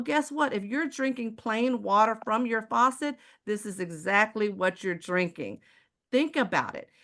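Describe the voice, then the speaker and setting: A woman's voice: fairly high pitch, fairly bright tone. A woman from Houston with a Texan accent, giving a sales presentation to a live chat audience and asking the audience rhetorical questions in a preachy way. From Houston, Texas. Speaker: water filter seller.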